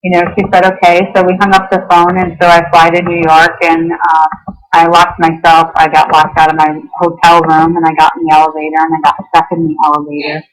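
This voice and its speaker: A woman's voice: low voice, completely flat delivery, brisk, low-quality recording. Woman, radio show guest, earnest personal story, acts out quotes, lots of you-knows and ums. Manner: earnest, quotes herself and others, many fillers like "you know" and "um". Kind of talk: personal story told in an interview.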